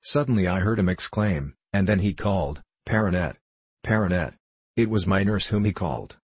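A young prisoner recounts his boyhood, as a man reads him aloud. The voice sits very low with a husky grain, in a measured, even storytelling manner. The recording is dry and close, with no room sound. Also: dry recording, exaggerated voice. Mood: grave. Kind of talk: audiobook reading.

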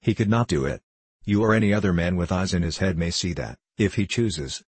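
A man voicing a scheming young man who presses his point in a slow, steady, insistent way. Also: sits low, husky, dry recording.

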